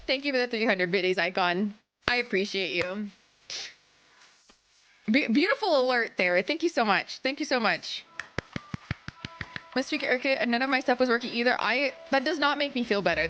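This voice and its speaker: Bubbly high-voiced woman streamer, sniffly. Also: expressive, normal speed, fairly bright tone, highs cut off. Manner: bubbly, apologetic, swears freely. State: sniffly from sinus trouble. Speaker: game streamer. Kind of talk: casual live-stream chat.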